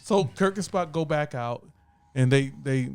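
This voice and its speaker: A man co-hosting a podcast in casual chat, recapping plot and jumping into quick impressions. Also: fairly high pitch, smooth. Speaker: podcast co-host.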